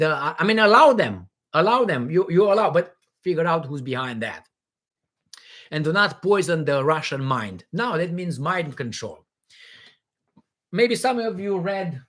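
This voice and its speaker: A man's voice: fairly high pitch, a bit bright. A man hosting a live Q&A, talking in a profane, emphatic and rambling way. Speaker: livestream host answering questions. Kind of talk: live Q&A monologue.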